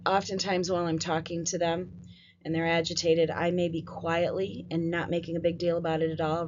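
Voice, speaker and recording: A woman with a lowish voice leads a staff training talk, relaxed and conversational, checking in with her listeners as she goes. The audio is dull and lo-fi, with a faint hiss underneath. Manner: conversational, frequent "right?" and "um". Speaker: school behavior trainer. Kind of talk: training presentation.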